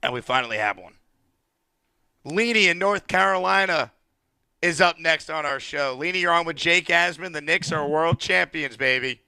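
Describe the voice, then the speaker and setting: A man hosting a late-night sports call-in radio show, talking in an excited, emphatic way. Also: on the high side, moderate pace, gravelly, smooth, dry recording. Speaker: radio sports talk host. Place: radio studio.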